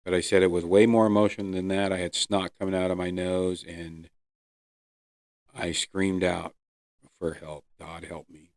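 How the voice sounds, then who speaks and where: Deep-voiced man telling a recovery story. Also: little pitch movement, dry recording, clean studio sound. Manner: earnest, emotional storytelling with pauses and fillers. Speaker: podcast host. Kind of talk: personal recovery story, solo podcast. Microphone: close podcast mic.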